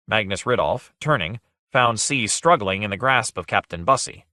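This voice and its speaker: A man narrating an audiobook in a clear, expressive reading. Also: deep voice, moderate pace, no room sound, studio quality. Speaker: audiobook reader. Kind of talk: scripted narration.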